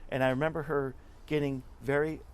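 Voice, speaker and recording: A man's voice: mid-range voice, flat delivery, fairly quick, clear, resonant tone. Earnest man retelling a story. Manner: earnest, repeats words while telling stories. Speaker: interview guest. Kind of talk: conversational storytelling.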